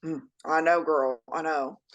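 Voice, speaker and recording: A woman's voice: low-pitched, steady tone, a little slow, a bit bright, lo-fi sound. Blunt, profane woman in casual chat. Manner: blunt, profane, laughs often. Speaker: podcast co-host. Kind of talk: casual true-crime chat.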